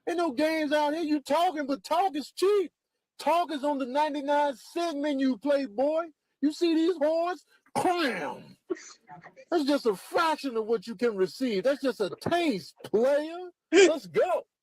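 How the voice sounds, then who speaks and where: A man's voice: very high-pitched, animated, measured pace, pitched above the performer's own voice, poor audio. A man voicing a brash, trash-talking male ram in a comedic animal voiceover, full of street slang and taunts. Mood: taunting. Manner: taunting, boastful, loud street banter.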